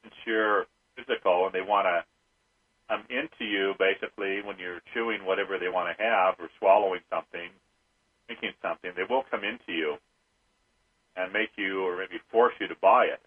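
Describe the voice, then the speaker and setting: A man hosting a call-in radio show, talking slowly and hesitantly with many fillers. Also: low voice, husky. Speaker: radio talk show host. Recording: phone-like narrow band.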